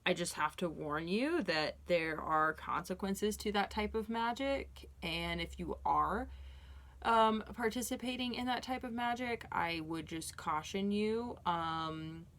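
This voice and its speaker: A woman's voice: fairly low pitch, unhurried, fairly bright tone. A woman giving a casual tarot reading, talking in an earnest, reassuring way with many fillers and restarts. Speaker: tarot reader.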